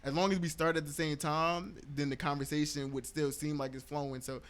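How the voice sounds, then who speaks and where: A man's voice: fairly high pitch, steady tone, a little fast, a bit bright. A man, a podcaster and YouTuber, talking casually as a guest, laid-back and full of slang, laughing easily. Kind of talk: casual conversation.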